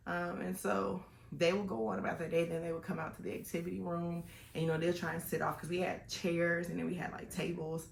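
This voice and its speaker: A woman talks to her vlog audience in a loose, rambling way, with plenty of "um"s and restarts. Her voice has a rough, gravelly edge, and the room around her echoes noticeably. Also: fairly low pitch, flat delivery, fairly quick, hardly any pauses, a little hiss or hum. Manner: chatty and rambling, with many fillers and restarts. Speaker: vlogger. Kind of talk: personal storytelling vlog.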